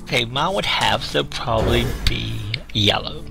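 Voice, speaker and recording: Casting: guest man, gravelly, lively pitch, clear game music under him. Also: moderate pace. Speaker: stream guest on voice chat.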